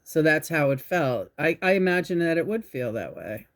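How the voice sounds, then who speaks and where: A woman hosting her own channel, telling a spiritual story in a rambling, halting way, restarting her sentences and swearing. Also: low-pitched, animated. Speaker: channel host. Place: indoors at home.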